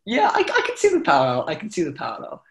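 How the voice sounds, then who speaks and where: A man's voice: on the high side, wildly swooping pitch, quick pace, gravelly. Enthusiastic man teaching chant online. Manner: enthusiastic, breaks into sung chant examples.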